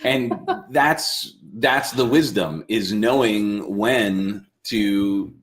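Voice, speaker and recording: A man co-hosting a casual motivational talk, speaking in a measured, reflective way. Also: lowish voice. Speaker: co-host.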